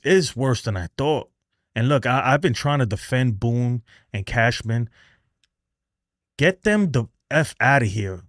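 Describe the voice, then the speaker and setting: A man's voice: mid-range voice, no echo, clean studio sound. A man hosting a live stream and ranting angrily about his team, swearing, repeating himself and laughing in disbelief. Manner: angry, exasperated ranting with swearing. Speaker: livestream host. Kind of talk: live sports rant.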